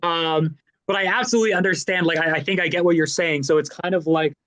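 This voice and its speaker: A man's voice: a little high, steady tone, fast talker, fairly bright tone, no echo. A man chatting casually on a livestream, rambling and joking, laughing often.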